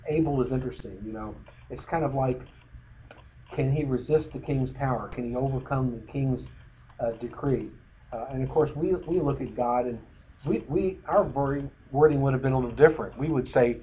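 A man teaching a bible study in a relaxed conversational way, with many fillers and restarts. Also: mid-range voice, moderate pace. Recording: dull lo-fi recording with faint noise.

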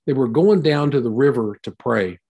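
A man's voice: medium pitch, expressive, moderate pace, dark tone, husky. A man teaching a Bible passage in a conversational sermon, retelling and explaining it in a folksy way.

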